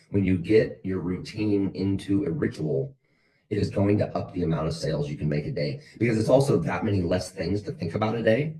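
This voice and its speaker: A man's voice: low voice, darkish tone, low-quality recording. A man coaching his sales team on a call, blunt and motivational, repeating his points over and over.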